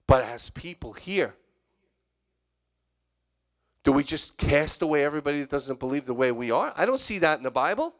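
A man's voice: high voice, animated, moderate pace. A man, a church elder, preaching a candid, confessional sermon that moves between spoken prayer and emphatic exhortation. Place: church sanctuary.

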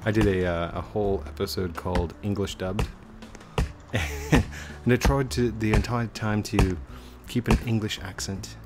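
A man with a fairly low voice hosts a gaming video in casual, jokey chat, walking through each step as he plays. He laughs a lot. Music plays clearly behind him. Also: steady tone, moderate pace. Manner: jokey, laughs often, explains steps as he plays. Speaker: gaming channel host.

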